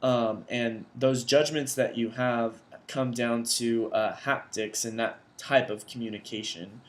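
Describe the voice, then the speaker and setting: A young man talks through vocabulary terms for a class assignment, at a middle pitch. He explains casually and thinks aloud as he goes, recorded indoors at his computer. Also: steady tone, measured pace. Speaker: education student presenting vocabulary.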